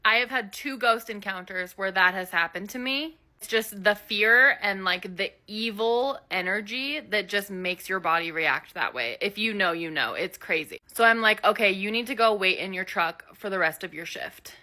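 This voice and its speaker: A young woman recounting a ghost encounter in a steady, matter-of-fact way. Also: medium pitch, normal speed, few pauses. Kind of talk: casual storytelling.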